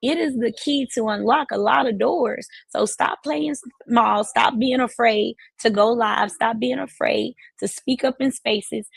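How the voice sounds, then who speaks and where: A woman hosts a motivational live stream for people in financial services. Her voice sits a touch high with a husky, gravelly edge, and she builds her points through emphatic repetition. The close mic keeps the sound dry. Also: a little slow, few pauses, no echo, low-quality recording. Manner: emphatic, repetitive, preacherly phrasing.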